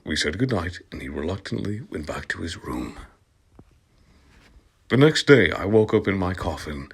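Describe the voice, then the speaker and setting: Husky low-voiced man reading aloud, amused. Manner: amused, often laughing and breaking off to comment; drops into soft whispers at times. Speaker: channel host reading aloud. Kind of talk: comic reading of fan fiction, ASMR.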